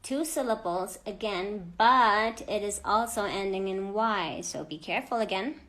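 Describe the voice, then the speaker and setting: A woman teaching an English grammar lesson to children, speaking clearly and deliberately and stressing each example word. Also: medium pitch, fairly bright tone, a little hiss or hum.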